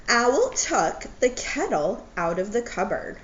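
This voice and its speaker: A woman's voice: medium pitch, sing-song, slow, hardly any pauses, a bit bright. Teacher lady doing story time for kids, friendly, faint hiss in the background. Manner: friendly, explains words to kids. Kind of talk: reading a picture book aloud to children. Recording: dull lo-fi audio with faint noise.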